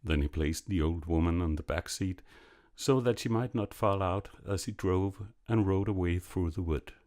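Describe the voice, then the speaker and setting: A man narrating a classic fairy tale in a measured, expressive reading. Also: sits low. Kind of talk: storybook narration.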